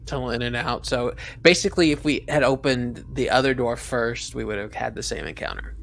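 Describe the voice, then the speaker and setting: A man's voice: medium pitch, brisk, creaky, fairly bright tone, a little hiss or hum. A man playing in a tabletop game, asking questions and reasoning aloud. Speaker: player. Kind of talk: casual tabletop play.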